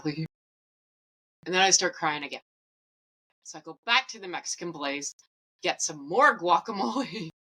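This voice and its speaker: Low bright-toned woman telling a personal story. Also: poor audio. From Canada. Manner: animated, acts out quoted dialogue; candid and self-mocking, laughs while telling. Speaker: podcast host.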